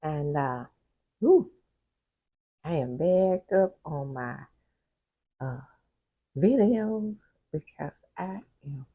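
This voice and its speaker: Woman, casual recap vlog, candid and chatty, mellow, lively pitch. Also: extremely slow, pauses often, slightly rough, no room sound. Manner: chatty, candid, laughing asides. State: sleepy. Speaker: TV recap vlogger.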